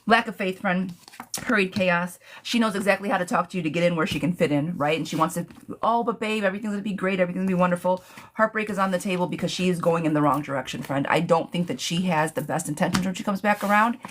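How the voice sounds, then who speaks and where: A woman's voice: on the low side, fast, a little hiss or hum. A woman giving a live-streamed tarot reading, blunt and chatty, calling her viewers sweetheart and friend. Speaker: tarot reader.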